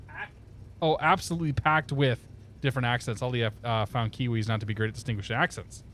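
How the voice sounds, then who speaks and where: A man's voice: mid-range voice, normal speed. A man chatting casually on a live stream, laughing often and talking through his cockpit steps. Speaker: flight sim streamer.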